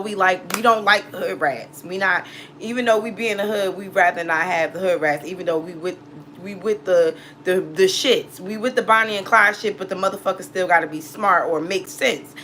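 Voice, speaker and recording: A woman's voice: medium pitch, a bit bright, a little hiss or hum, low-quality recording. A woman, hosting a casual storytime vlog. She speaks bluntly and profanely and acts out both sides of every conversation. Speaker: tarot reader and channel host.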